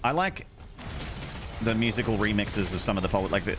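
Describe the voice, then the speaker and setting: A man's voice: fairly low pitch, brisk, over music. An Australian man streaming a game, chatting casually with viewers in a rambling, self-mocking way. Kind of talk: casual chat while gaming.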